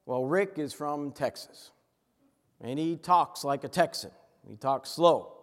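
High-voiced preacher guy from massachusetts, earnest, big echoey hall. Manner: earnest, with quick asides and slow emphatic stresses. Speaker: pastor. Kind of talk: sermon.

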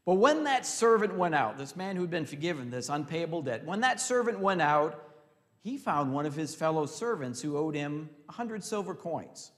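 A man preaching a sermon. He swings between loud emphasis and hushed, drawn-out phrases, and leads the congregation in call-and-response. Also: a little high, big pitch swings, big-room sound. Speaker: pastor.

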